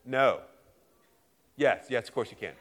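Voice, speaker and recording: A man's voice: mid-range voice, fairly bright tone. A middle-aged man from Virginia, a literature professor who jokes and teases while picking volunteers from an audience. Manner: fast, joking, teasing. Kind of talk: lively classroom talk to an audience.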